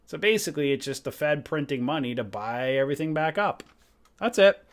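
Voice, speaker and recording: A man's voice: a little high, expressive, brisk. A man hosting a trading livestream, thinking aloud in casual talk, trailing off and correcting himself.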